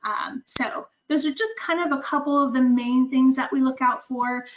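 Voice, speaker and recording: A woman with a fairly high voice gives a webinar lecture. She explains step by step and pauses often on fillers. She speaks into a computer mic. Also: fairly even intonation, a little hiss or hum, low-quality recording. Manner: explanatory, many ums. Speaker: speech-language pathologist presenter.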